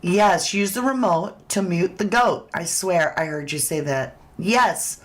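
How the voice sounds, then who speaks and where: A woman's voice: fairly low pitch, a little slow. A woman hosting a casual true crime livestream, chatting straight to her viewers and reading their comments aloud.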